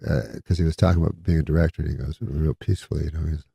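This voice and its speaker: A man's voice: rumbling low, fairly even intonation, rapid-fire, vocal fry, mellow, breathy edge, dry recording, clean studio sound. A comedian telling a long anecdote in casual conversation, laughing as he goes and acting out the people in it. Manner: acts out quoted voices, laughs mid-story. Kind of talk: casual storytelling.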